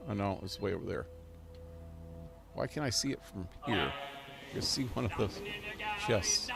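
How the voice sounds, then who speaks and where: Rambling gaming streamer. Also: male voice, lowish voice, lively intonation, normal speed, creaky, music in the background. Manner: rambling, chuckling, talks to his dog. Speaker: game streamer. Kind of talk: live gameplay commentary.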